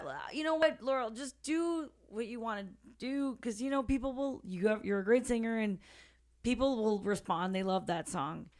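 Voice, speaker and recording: Female podcast co-host, fairly high voice, wry asides, casual banter. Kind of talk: casual storytelling chat.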